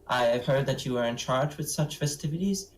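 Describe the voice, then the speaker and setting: A man's voice: medium pitch, a little fast, distant mic, a little hiss or hum, natural voice, low-quality recording. A man voicing a bard who poses as a noble, using formal, courtly phrasing. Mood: courteous. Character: smooth-talking bard posing as a noble.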